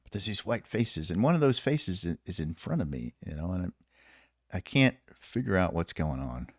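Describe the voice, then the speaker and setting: A man's voice: low-pitched, very animated, normal speed, no echo, clean studio sound. A man, a former special operations soldier, telling rambling, profane stories in a casual podcast interview, laughing often. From United States. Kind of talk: casual storytelling.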